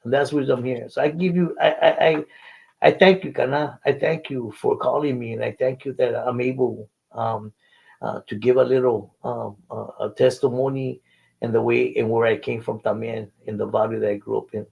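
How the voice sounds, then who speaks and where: A man's voice: mid-range voice, fairly even intonation, normal speed, creaky, darkish tone, husky, muffled recording. An older man, telling a faith testimony in an interview and acting out the dialogue earnestly. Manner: earnest storytelling, acts out dialogue. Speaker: guest.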